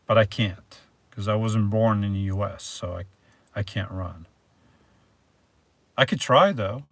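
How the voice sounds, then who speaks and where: A man's voice: medium pitch, a bit bright, no room sound. A man hosting a casual live stream, reading viewer messages aloud and answering them in a rambling, hesitant way. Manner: rambling and hesitant, restarts words, reads viewer names aloud.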